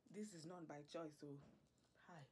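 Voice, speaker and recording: A woman's voice: sits low, measured pace, background noise. A woman voicing a fussy, doting middle-aged African father with an African English accent, in a whispered role-play, coaxing and pleading. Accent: African English impression. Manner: coaxing, pleading, fussing over the listener.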